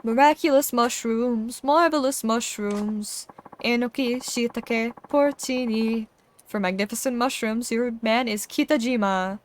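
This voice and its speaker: A woman's voice: on the high side, unhurried, slight background noise, natural voice. Woman reading as an eccentric sing-song mushroom fan. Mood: chanting.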